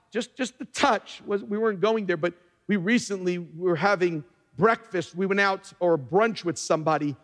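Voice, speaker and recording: A man preaching a sermon as pastor, emphatic and animated, jumping up in pitch for emphasis and dropping to quiet asides. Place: church sanctuary. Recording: long reverb of a church hall.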